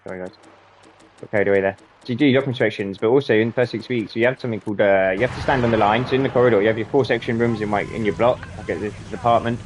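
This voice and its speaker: A man's voice: lowish voice, steady tone, racing, slight background noise. A young man swearing freely and laughing as he tells rambling stories while gaming. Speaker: gaming channel host. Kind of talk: casual storytelling while gaming.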